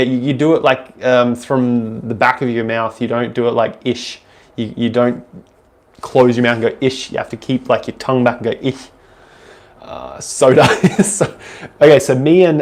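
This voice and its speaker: A man's voice: medium pitch, a little mellow. A young Australian man with an Australian accent, casually answering viewer questions on a live stream in a loose, rambling way, full of ums and restarts.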